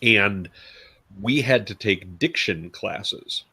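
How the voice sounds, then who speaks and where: Male co-host, lowish pitch, bright forward tone, easygoing and talkative. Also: slow, breathy edge. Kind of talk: casual panel chat.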